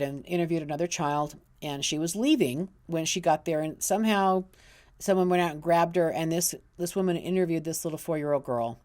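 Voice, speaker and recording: A woman's voice: sits low, a little mellow. A middle-aged woman, an intuitive counselor, telling a personal story in a casual, earnest way, often restarting and repeating words.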